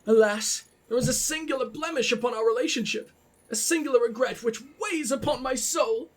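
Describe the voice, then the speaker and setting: A man voicing a pompous, posh gentleman who reads out a florid, theatrical letter. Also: extremely high pitch, brisk. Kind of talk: letter read aloud in a put-on voice.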